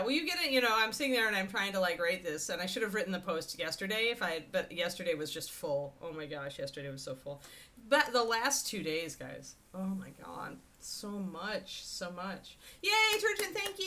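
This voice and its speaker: A woman hosts a casual livestream and chats freely with her viewers, wandering from topic to topic. Her voice is bright and clear. Her pitch moves a lot, so she sounds lively. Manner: chatty, rambling, talks to the chat and her dog. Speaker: host of a miniature painting livestream.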